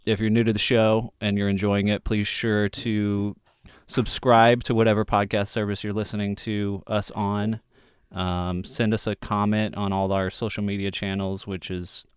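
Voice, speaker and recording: A man's voice: sits low, smooth, no room sound, studio quality. A man hosting a podcast in casual chat, easygoing, laughing often and using many fillers. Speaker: podcast host.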